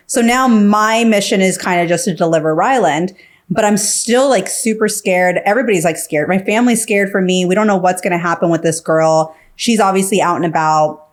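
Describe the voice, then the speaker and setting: A woman guest on a podcast, telling her story casually, full of fillers and acting out what others said. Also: on the low side. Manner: filler-heavy, acts out quoted dialogue.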